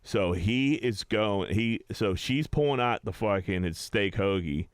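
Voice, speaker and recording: Young guy on a podcast, low smooth voice, cussing a lot while telling a story, dry close mic. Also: a little slow, no room sound. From Pittsburgh area, USA. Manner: animated storyteller, swears a lot, acts out customers' lines. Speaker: podcast host. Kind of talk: casual storytelling chat.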